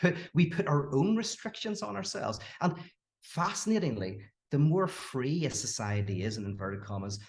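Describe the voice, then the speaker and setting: In a casual podcast exchange, the philosopher guest, a man, talks with lots of energy, laughing and reworking his sentences as he goes. His pitch is middling and his pace moderate.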